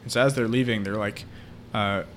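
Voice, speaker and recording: A man's voice: fairly low pitch, fairly even intonation, brisk, fairly bright tone, slight background noise. A man co-hosting a podcast, retelling a film plot in casual chat, with many fillers. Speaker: podcast co-host.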